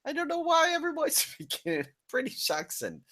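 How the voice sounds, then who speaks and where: A man doing a giggly falsetto voice to play a young woman co-host. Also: normal speed, sharp tone, no echo, clean studio sound. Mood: silly.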